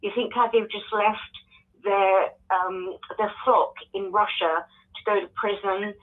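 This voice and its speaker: A woman's voice: mid-range voice, fairly even intonation, slow pace. A woman from the UK with a British accent calling in, giving blunt, opinionated comments. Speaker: caller. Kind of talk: phone-in comment. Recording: tinny phone line.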